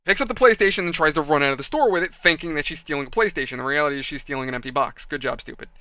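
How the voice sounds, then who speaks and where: A man telling a rambling story in a chatty, animated way while building a model kit. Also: a little high, very fast, no echo. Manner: chatty, animated, acts out quoted people.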